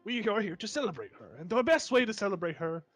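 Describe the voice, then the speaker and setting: A man voicing a pompous male wizard who leads a funeral, talking in a formal and halting way. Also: sits high, animated, no room sound, faint music behind. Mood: solemn. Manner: hesitant, formal, halting speech.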